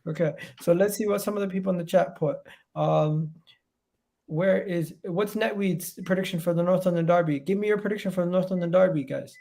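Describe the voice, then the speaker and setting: Male host, high voice with gravel, lively football banter. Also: brisk. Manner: animated, reads out chat predictions. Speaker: podcast host. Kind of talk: casual football chat.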